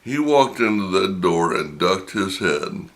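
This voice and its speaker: A middle-aged man, slowly telling a personal anecdote in a casual, drawn-out way. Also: low voice, big pitch swings, fairly bright tone. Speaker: storyteller.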